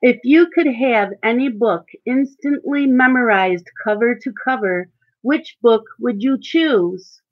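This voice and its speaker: A woman's voice: on the high side, unhurried, lo-fi sound. A woman hosting a live stream while she colors, chatting casually with viewers and reading out their comments. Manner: chatty, reads out and answers viewer chat. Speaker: coloring channel host.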